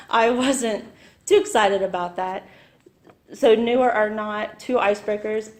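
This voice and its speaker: A woman's voice: medium pitch, fairly even intonation, takes it slowly. Modest woman giving a guest talk. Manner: modest, self-described shy, laughs lightly. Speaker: visiting club area director. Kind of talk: short informal talk. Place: club meeting room.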